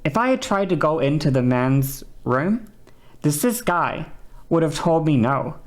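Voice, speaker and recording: A woman's voice: deep voice, very animated, a little slow, soft background music. A woman streamer talking casually and swearing freely, often adding "you know" as she chats with her viewers. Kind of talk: casual livestream chat.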